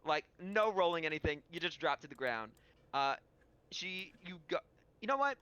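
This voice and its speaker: A man narrating a tabletop game as game master, animated and rambling with fillers. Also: fairly high pitch, normal speed, clear, resonant tone, no room sound.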